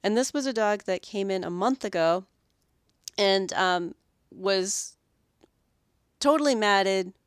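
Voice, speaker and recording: A woman hosting a podcast about dog grooming, telling animated stories about her week and acting out the owners and dogs. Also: medium pitch, takes it slowly, long pauses, clean tone, no echo, clean studio sound. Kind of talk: solo podcast monologue.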